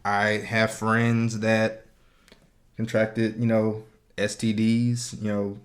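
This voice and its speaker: A man's voice: on the low side, little pitch movement, slow pace. A man co-hosting a podcast in casual chat, rambling and joking with lots of "you know" fillers. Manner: joking, laid-back. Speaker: podcast co-host.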